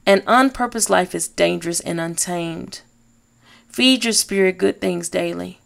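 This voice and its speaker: A woman hosting a faith podcast, speaking in a slow, emphatic, encouraging way. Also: lowish voice, vocal fry. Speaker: podcast host. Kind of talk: inspirational faith talk.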